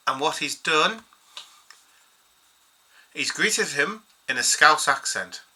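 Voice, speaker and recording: A man's voice: on the high side, animated, slow pace, sharp tone, breathy edge, rough recording. A man hosting a football fan channel, chatting casually and reading bits of an article aloud in a rambling way. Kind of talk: casual solo commentary.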